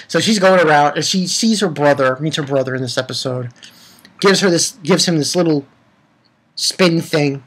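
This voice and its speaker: A man's voice: on the high side, normal speed, a bit bright, slightly rough. A young man giving a rambling, profane, casual recap of an anime episode, full of restarts. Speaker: anime reviewer.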